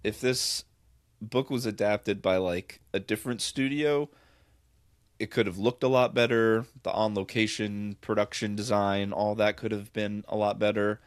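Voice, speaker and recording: A man's voice: fairly low pitch, fairly even intonation, a little slow, smooth, dry recording, clean studio sound. A man co-hosting a podcast, rambling enthusiastically about films in casual chat with lots of fillers. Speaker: podcast co-host.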